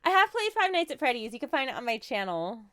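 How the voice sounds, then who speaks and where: A woman's voice: high-pitched, big pitch swings, quick pace, sharp tone, smooth, no echo, studio quality. A woman in her thirties with a New Jersey accent, chatting casually on a livestream as she answers viewer questions with light laughs. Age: 30s.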